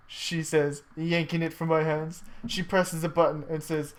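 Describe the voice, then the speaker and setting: A casual, loose reader working through a homemade adventure story for friends, at a middle pitch. They swear, joke, and stumble over the writing as they go. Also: level tone, measured pace, hardly any pauses. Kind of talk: casual reading aloud of a story among friends.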